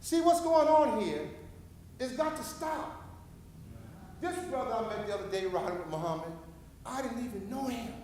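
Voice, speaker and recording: High-voiced fervent man in an echoing hall. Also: expressive, normal speed, pauses often, slight background noise. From Paterson, New Jersey. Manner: fervent, rambling, with sudden rises and drops in loudness. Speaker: public commenter at a city council meeting. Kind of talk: impassioned public comment, preacher-like. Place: city council chamber. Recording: echoey council chamber with long reverb.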